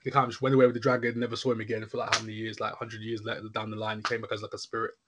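A man's voice: lowish voice, very fast, heavy background noise. A man chatting casually and rambling animatedly, often checking in with his listener. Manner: rambling, animated, frequent "you know what I'm saying". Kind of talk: casual chat.

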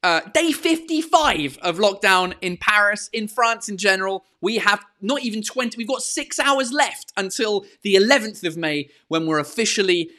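A man's voice: high-pitched, animated, moderate pace, few pauses, sharp tone. A man, a comedian, hosting his live-streamed podcast in casual chat, swearing freely, dropping into French, with plenty of filler sounds. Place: home in lockdown. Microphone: podcast microphone.

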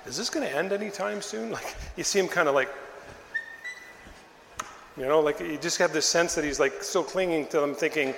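An older man preaching a sermon as pastor, telling the story in a lively, conversational way and acting out the bystanders in little voices. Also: a little high, moderate pace, roomy sound, in a large hall, slight background noise.

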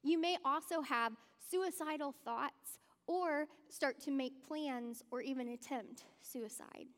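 A woman's voice: high-pitched, takes it slowly. A woman speaking in a church, giving a conversational sermon and addressing the congregation directly. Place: church hall. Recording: long church-hall reverb.

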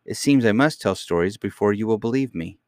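A man voicing a young princess who speaks quietly and firmly in an audiobook reading. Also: on the low side, lively intonation, a little fast, no echo, clean studio sound, close to an everyday voice. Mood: calm, firm. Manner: quiet, dignified, stubbornly composed. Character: young girl princess, calm and firm.

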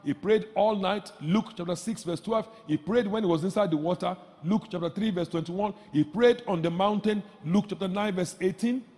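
A man preaching a sermon as pastor, emphatic, repeating phrases and rising to shouts. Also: high voice, normal speed, few pauses, long reverb tail.

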